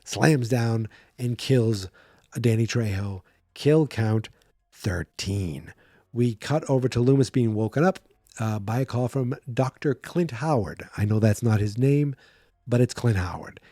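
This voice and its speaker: Recapping a film for his horror movie podcast, this man talks with lively energy and drops into rapid voices for the characters. His pitch is medium, and the studio-quality recording has no room sound.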